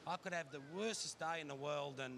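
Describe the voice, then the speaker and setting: A greyhound trainer, emotional and rambling, interviewed outdoors at the racetrack just after a win. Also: male voice, fairly high pitch, fairly quick, a bit bright, a little hiss or hum. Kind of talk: emotional post-race interview.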